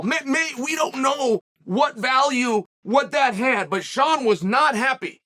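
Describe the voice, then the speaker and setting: A middle-aged man from the western United States, hosting an animated solo commentary and telling the story with emphatic, shouted bursts. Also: high-pitched. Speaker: host.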